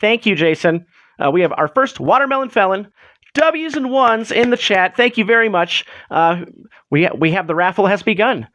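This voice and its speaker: A man's voice: sits high, expressive, moderate pace, a bit bright, no room sound, muffled recording. A man hosting a casual livestream on a close desk mic, chatting with viewers in a rambling way full of fillers. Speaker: livestream host.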